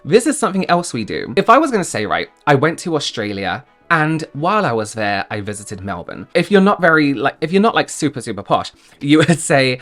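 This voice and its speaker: A southern English man hosts a reaction video in a loose, chatty tone. He sounds exasperated and often restarts his sentences. His voice sits at an ordinary middle pitch. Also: big pitch swings, normal speed, few pauses, fairly bright tone, soft background music. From England. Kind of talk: casual reaction commentary.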